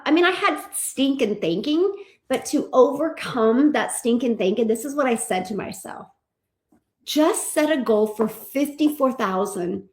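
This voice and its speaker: A woman giving an energetic motivational talk as an online business coach, emphatic and repetitive, acting out quoted voices. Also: a little high, roomy sound.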